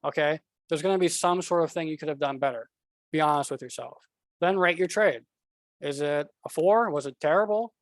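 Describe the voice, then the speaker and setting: A man's voice: on the high side, a little fast, no room sound. A man coaching traders in a casual, blunt talk over slides, often repeating himself and addressing the viewer directly. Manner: blunt, repetitive, talks straight to the viewer. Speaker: trading coach.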